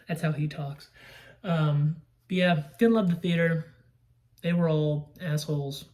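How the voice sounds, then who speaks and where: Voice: mid-range voice, unhurried, darkish tone. A young adult recapping a horror movie in a casual, rambling way, swearing often and breaking into grossed-out outbursts. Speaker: movie reviewer.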